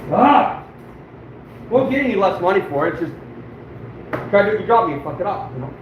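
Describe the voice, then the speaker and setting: Very fast and expressive, this high-voiced fur trapper swears frequently and mutters at himself while demonstrating his work to live-stream viewers in a casual way. He comes across as frustrated and self-deprecating. The sound is lo-fi and echoey, the mic distant, with background noise.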